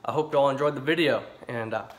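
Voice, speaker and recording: A man, a video creator, giving a friendly, relaxed sign-off at the end of a video. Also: mid-range voice, quick pace. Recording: distant mic with outdoor vehicle noise.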